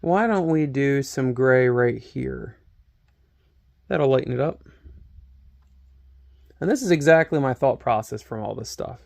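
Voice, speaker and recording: Gravelly-voiced man chatting while he paints. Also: medium pitch, expressive, measured pace, long pauses. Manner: chatty, self-mocking, thinks aloud while working. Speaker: hobby painting channel host. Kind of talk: relaxed painting tutorial talk. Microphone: camera microphone close to his face.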